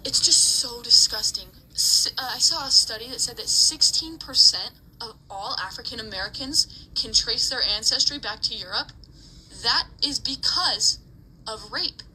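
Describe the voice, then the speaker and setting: A woman's voice: fairly high pitch, pushed and bright, slight background noise, poor audio. Heated, swearing woman ranting. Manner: angry, swearing, emotional. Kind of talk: heated rant to camera.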